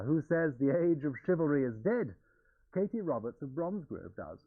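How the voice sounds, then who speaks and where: A man's voice: fairly high pitch, big pitch swings, moderate pace. Droll British man on 1980s breakfast TV. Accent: British English. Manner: theatrical, droll, mock-grand delivery. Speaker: TV breakfast show regular reading viewers' letters. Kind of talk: jokey breakfast-TV banter and letter reading. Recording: lo-fi 1980s TV broadcast tape.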